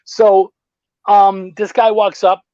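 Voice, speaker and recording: A man hosting a podcast interview, chatting casually, swearing often and jumping up in pitch when he is incredulous. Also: little pitch movement, slow, darkish tone, dry recording, muffled recording. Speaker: podcast host.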